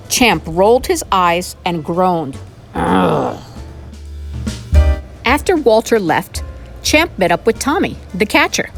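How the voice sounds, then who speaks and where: A woman reading a children's picture book aloud in an animated, expressive storytelling manner. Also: medium pitch. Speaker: storybook reader.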